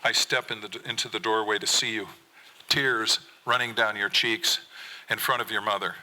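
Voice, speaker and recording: Man on stage reading a true story, bright sharp voice, pitched a bit low, earnest. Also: steady tone, moderate pace, poor audio. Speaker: fisherman poet reading his story. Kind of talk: live reading of a personal story. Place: theater stage at a gathering.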